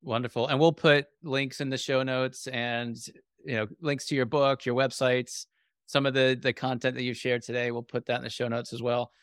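A man hosting a podcast interview, speaking in a measured, appreciative way with some fillers. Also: mid-range voice, little pitch movement, a bit bright, clear, resonant tone, no echo, clean studio sound. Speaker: podcast host.

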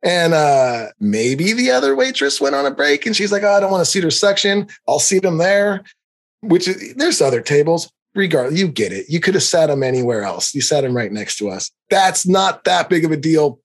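A middle-aged man hosting a podcast, ranting in an animated, profane, heated way. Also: fairly high pitch, moderate pace, hardly any pauses. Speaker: podcast host. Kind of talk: comedic rant.

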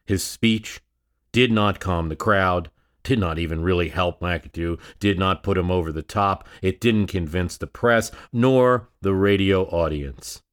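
Low-voiced man narrating a history story. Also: unhurried. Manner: storytelling, rhetorical questions, varied emphasis. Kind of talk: dramatic scripted narration.

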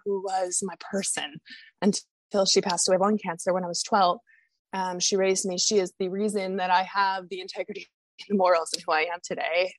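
A woman guest on a podcast, telling her personal story in a candid, confessional way. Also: mid-range voice.

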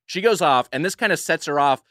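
A man telling a rambling story in casual podcast chat, his voice bright and forward, with plenty of fillers and restarts along the way. The sound is dry and close, with no room around it. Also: fairly high pitch, lively intonation, a little fast, no room sound. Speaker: podcast co-host.

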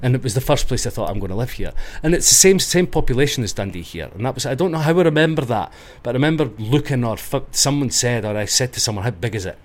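He talks fast with few pauses, his mid-range voice full of lively intonation. A middle-aged Scot with a Scottish accent, he rambles through stories as an interview guest in casual chat, self-correcting mid-stream.

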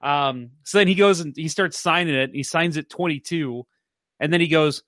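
A young adult man hosting a casual sports podcast, telling anecdotes in an animated way. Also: fairly high pitch, moderate pace, dry recording, clean studio sound. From St. Louis, USA. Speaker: podcast host.

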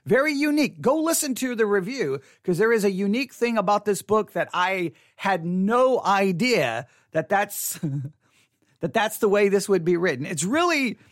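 Male podcast host, rambling and self-interrupting, high animated voice, dry studio sound. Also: no room sound. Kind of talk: casual devotional podcast monologue. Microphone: studio mic.

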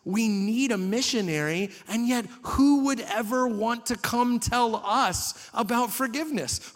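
A man delivers a sermon with a light, high-pitched voice, asking his listeners question after question and slipping in wry jokes. His words ring out with a long reverb, as in a large hall. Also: a bit bright. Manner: conversational preaching with rhetorical questions and humor. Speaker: pastor.

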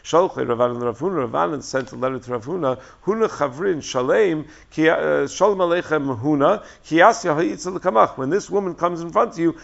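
Male Talmud teacher, fairly high and gravelly, lively storyteller, dull lo-fi sound. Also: quick pace, hardly any pauses. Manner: animated storytelling, acting out dialogue, frequent fillers. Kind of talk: Talmud lecture. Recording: dull lo-fi recording.

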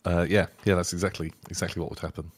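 A man co-hosting a podcast in casual chat, playful and quick to laugh. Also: sits low, flat delivery, slightly rough. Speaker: podcast co-host.

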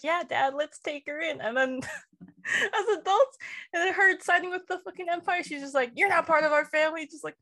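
A woman's voice: very high voice, moderate pace, fairly bright tone. A woman on a casual review podcast, talking in an exasperated way and swearing.

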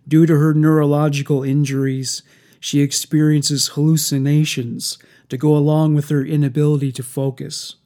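A man narrating a dark horror story in a slow, even storytelling delivery. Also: fairly high pitch.

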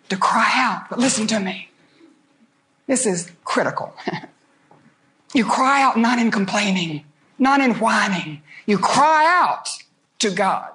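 An older woman preaching fervently, telling Bible stories with emphatic, dramatic pauses. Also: fairly high pitch, a bit bright. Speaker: guest speaker.

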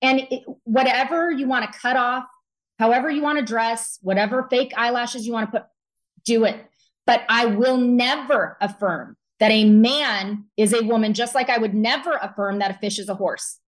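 A woman guest on an opinionated talk show with a slightly high voice. She argues emphatically, stressing words and spinning out analogies to make her point. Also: moderate pace.

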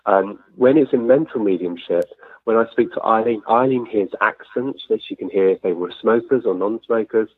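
A man from Sussex, answering interview questions in a chatty, animated way with frequent restarts. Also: lowish voice, breathy edge, dry recording. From Sussex, England. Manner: chatty, animated storyteller with frequent self-corrections. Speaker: medium being interviewed. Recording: dry, tinny phone-like line.

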